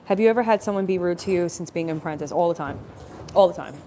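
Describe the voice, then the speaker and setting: A young woman who is a plumbing apprentice chats casually to her phone on a work break in a live-stream style, rambling through a story with lots of fillers and restarts. Her voice is lowish, fast and mellow, with a little hiss or hum.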